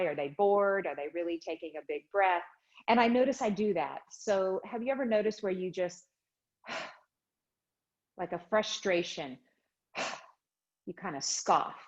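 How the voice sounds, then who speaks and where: Woman yoga teacher, chair yoga class, slow soothing guidance, lowish voice, dull lo-fi sound. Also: darkish tone. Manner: slow, soothing guided instructions. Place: home studio livestream.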